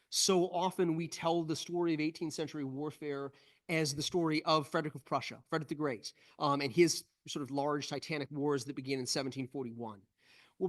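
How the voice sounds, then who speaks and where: A man, a historian and author, answering audience questions after a lecture, thoughtful and explanatory. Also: medium pitch. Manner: explanatory, thoughtful, enthusiastic about details. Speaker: historian and book author, guest speaker. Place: event room with in-person and online audience.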